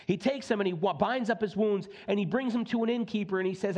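Male pastor with a fairly high voice, preaching casually and acting out the quotes. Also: fairly quick, few pauses, a little mellow, husky. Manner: conversational, folksy preaching with acted-out quotes. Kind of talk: sermon. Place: church sanctuary.

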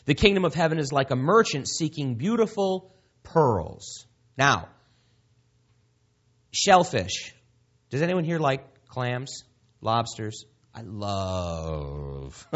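A man's voice: medium pitch, fairly bright tone. Emphatic conversational male preacher. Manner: conversational, emphatic, asks the audience questions. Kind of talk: sermon. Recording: dull lo-fi recording.

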